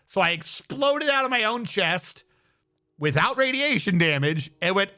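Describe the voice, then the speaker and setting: A man telling a story on a casual live stream, animated and swearing freely, acting out what others said. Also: sits high, moderate pace, faint music behind.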